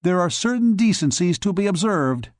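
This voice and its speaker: Guy narrating as stuffy proper man, fussy formal wording, slightly high voice, dry close sound. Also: lively intonation, moderate pace, no echo. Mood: indignant. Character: pompous, stiffly dignified man clinging to decorum. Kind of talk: audiobook character voice.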